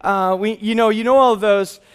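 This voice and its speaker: A man in his thirties preaching a sermon as pastor, telling a family story with animated laughs. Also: high voice, moderate pace, clear, resonant tone.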